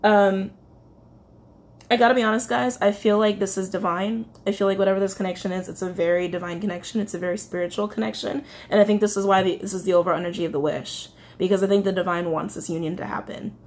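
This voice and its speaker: A woman's voice: mid-range voice, fairly even intonation, quick pace, darkish tone. A woman giving a casual tarot reading to her viewers, chatty and rambling, with many fillers and self-corrections, getting emotional as she talks. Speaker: tarot reader.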